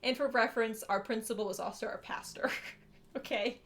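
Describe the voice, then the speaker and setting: A woman's voice: fairly high pitch, steady tone, a little fast, a bit bright. A young woman co-hosting a podcast, telling a story in casual chat, swearing freely, laughing often and acting out the voices she quotes. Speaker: podcast co-host.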